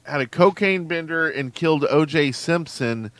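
A man co-hosting a podcast in casual chat, joking and rambling, often trailing off quietly at the ends of thoughts. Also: a little high, normal speed, no room sound. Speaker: podcast co-host.

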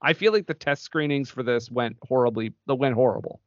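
A man co-hosting a movie podcast in casual chat, chatty and quick to laugh. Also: mid-range voice, dry recording. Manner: chatty, laughs often, wanders mid-thought. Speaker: podcast co-host. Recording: dull, dry podcast audio.

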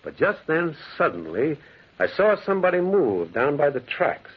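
A brooding, lonely narrator. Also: male voice, fairly high pitch, big pitch swings, moderate pace, husky. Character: lonely male loner who once prospected in the mountains. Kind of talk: 1940s radio acting. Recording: muffled old radio recording with faint hiss.

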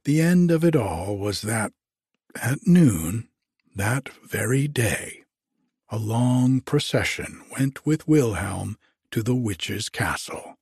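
A man reading an old fairy tale aloud in slow, measured phrases. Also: medium pitch, a little mellow, slightly rough, no echo, studio quality. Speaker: narrator. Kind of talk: storybook reading.

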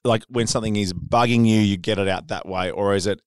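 A man's voice: fairly low pitch, fairly even intonation, fairly quick, clean tone, no room sound. A man hosting a casual, joking interview in a studio room. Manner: chatty, joking. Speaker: radio interviewer. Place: studio room at a label office.

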